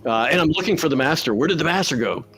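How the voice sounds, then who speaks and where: A man playing a tabletop game, describing his character in a halting way while he searches for words. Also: a little high, expressive, a bit bright, faint music behind. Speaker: player.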